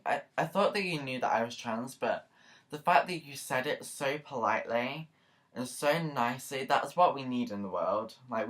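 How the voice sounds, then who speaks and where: A woman YouTuber with an extremely low, slightly bright voice chats casually to the camera. Her vlog talk rambles along with lots of asides and fillers, earnest and emotional throughout.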